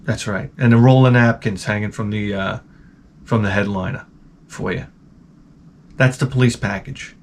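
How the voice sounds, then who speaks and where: A man with a lowish, fairly even voice hosts his own channel, telling rambling, profane comic stories as a casual rant and often cutting himself off. He talks at a moderate pace with long pauses, over a faint hiss or hum.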